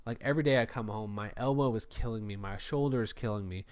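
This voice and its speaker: A man's voice: on the low side, quick pace, darkish tone, smooth, no room sound. A man who runs a store department, telling a rambling, frustrated story to his viewers in a casual rant. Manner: frustrated, venting.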